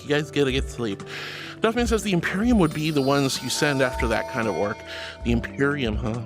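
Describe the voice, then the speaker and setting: A young woman streamer chatting casually and reading out chat messages, bubbly, giggly and affectionate. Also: medium pitch.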